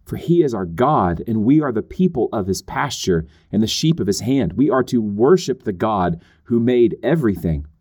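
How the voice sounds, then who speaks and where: A man's voice: fairly low pitch, expressive, moderate pace, hardly any pauses, darkish tone. A man giving a Bible teaching, earnest and emphatic, walking through points in numbered lists with occasional restarts and asides. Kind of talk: teaching talk on theology.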